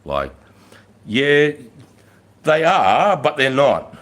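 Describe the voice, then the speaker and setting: A man's voice: mid-range voice, huge pitch swings, drawn-out words. A middle-aged man, a former army sergeant telling blunt, profane war stories on his own livestream. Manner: blunt and heavily profane, rising loud when quoting himself. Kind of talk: casual storytelling livestream.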